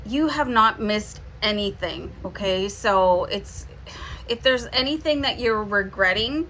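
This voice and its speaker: A woman's voice: medium pitch, bright, forceful tone, a little hiss or hum. A woman with a Canadian accent giving a casual, reassuring tarot reading, often checking in with "okay?". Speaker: tarot reader.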